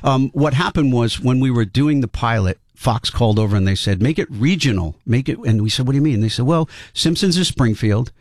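A man's voice: mid-range voice, animated, a little fast, hardly any pauses, no room sound, clean studio sound. A man in his fifties from Rhode Island with a Rhode Island accent, telling stories in a casual interview. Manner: chatty anecdotal storyteller. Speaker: guest, sitcom and cartoon writer.

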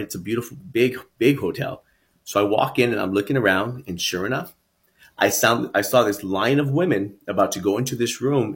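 A man's voice: on the low side, fairly bright tone. Man telling his life story. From San Antonio, Texas. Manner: earnest, reflective, repeats words as he builds up. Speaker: guest. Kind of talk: personal storytelling interview.

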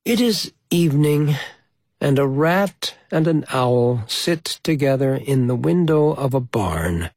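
A man narrates a children's story at a very unhurried pace. His voice is husky and breathy. The recording is dry and close, with no room sound. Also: mid-range voice, expressive, no echo. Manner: slow, gentle and measured. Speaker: storybook reader. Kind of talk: reading a children's story aloud.

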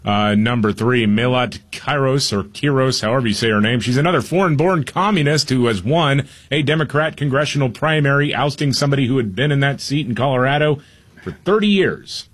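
Husky male talk radio host, reads headlines with casual asides. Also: medium pitch, fairly quick. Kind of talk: talk radio, reading news countdown.

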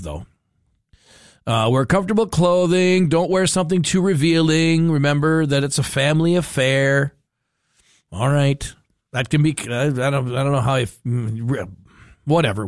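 A man hosting a casual radio talk segment, chatty and animated, telling stories and acting out quoted people. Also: medium pitch, fairly quick, no echo, studio quality. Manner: chatty, animated storytelling with playful quoted voices. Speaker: radio host.

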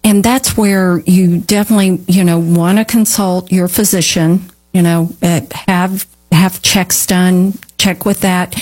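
A woman speaks as a therapist being interviewed, taking her time and explaining patiently. Her voice sits a bit low, and she talks at a slow, unhurried pace, often pausing on "um" and restarting phrases. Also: steady tone, darkish tone. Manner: measured, explanatory, with frequent fillers. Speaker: therapy company representative. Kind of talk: interview answers.

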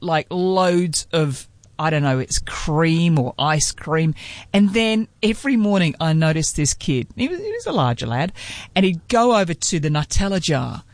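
A man's voice: on the high side, no echo. A man with an Australian accent, hosting a radio show and telling a jokey story in casual chat. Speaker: radio host.

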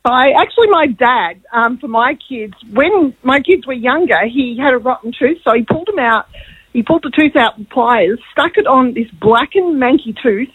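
Woman caller, high husky voice, dry sound. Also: animated, normal speed, dry recording, phone-quality sound. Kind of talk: telling a story.

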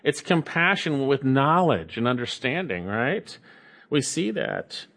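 A man's voice: medium pitch, sing-song, slow pace, creaky, fairly bright tone. A man preaching a sermon, reading scripture aloud and repeating key phrases for emphasis.

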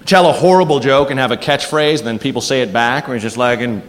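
Animated stand-up comic in a reverberant club. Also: male voice, medium pitch, quick pace. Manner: animated, jumps into loud voices for bits. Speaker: stand-up comedian. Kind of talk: stand-up comedy set. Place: comedy club stage before a live audience. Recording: live club recording with long reverb and noise.

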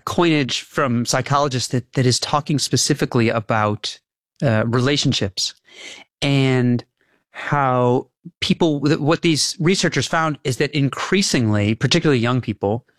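A male author talks through the ideas in his book in an earnest, animated way, often laughing between points. His voice sits at an ordinary middle pitch. It is recorded close and dry, with no room sound. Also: no echo. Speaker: author and guest. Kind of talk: explanatory interview talk.

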